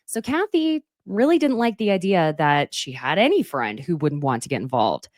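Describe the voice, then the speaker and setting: Laughing, animated woman recapping reality TV. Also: low-pitched, moderate pace, no room sound, clean studio sound. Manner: gushing, breaks into laughter often. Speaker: recap host. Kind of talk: casual chat recapping a reality show.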